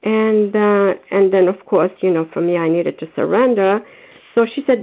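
A woman's voice: medium pitch, moderate pace. A woman calling in to a recovery meeting, sharing earnestly and gratefully, slipping into livelier voices when she quotes others. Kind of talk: phone-in recovery meeting share. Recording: tinny phone line.

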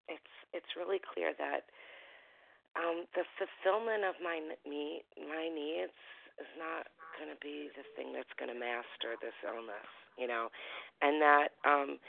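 A woman sharing at a recovery meeting, speaking haltingly as she searches for words. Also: very deep voice, creaky, no echo. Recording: dry phone line.

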